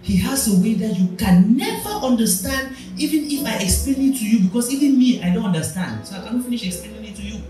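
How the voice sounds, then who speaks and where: A man's voice: sits high, expressive, fast talker, few pauses, mellow, heavy reverb, distant mic, soft background music, poor audio. A man preaching a sermon as pastor, firing off rhetorical questions to his congregation. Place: church.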